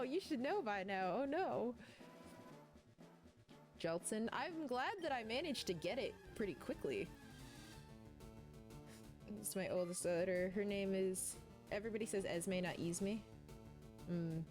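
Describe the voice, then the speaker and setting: A woman game streamer talks casually from her home setup. She rambles chattily, reads chat aloud and laughs often. Her voice sits in an ordinary middle pitch, with faint music playing behind her. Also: animated, a little slow, pauses often. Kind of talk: casual let's-play chat, reading chat aloud.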